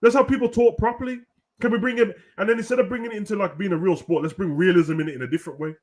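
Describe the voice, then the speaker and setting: A young man hosting a casual, animated wrestling rant full of slang, at times breaking into shouts. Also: high voice, racing. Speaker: host. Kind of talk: casual ranting commentary.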